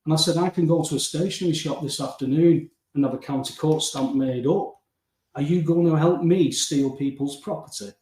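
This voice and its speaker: A man telling his story as an interview guest, acting out the back-and-forth with lively emphasis. His voice sits fairly high for a man. He sounds a little away from the mic, in a noticeably echoey room. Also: fairly quick. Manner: animated storytelling, acting out dialogue, often addressing the host by name. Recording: roomy, distant mic.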